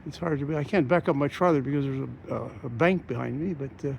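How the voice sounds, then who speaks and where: A man's voice: medium pitch, gravelly, a little mellow. A man walking outdoors with a handheld camera, narrating a travel vlog in a rambling way with many fillers and restarts. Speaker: travel vlogger. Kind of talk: casual walking commentary. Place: outdoors, walking through a small coastal town. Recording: outdoor noise with rushing water.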